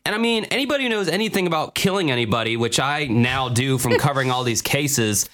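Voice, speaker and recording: A man's voice: medium pitch, animated, quick pace, fairly bright tone. A man co-hosting a casual true-crime podcast. He jokes, teases his co-host and swears a lot. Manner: joking, sarcastic, profane.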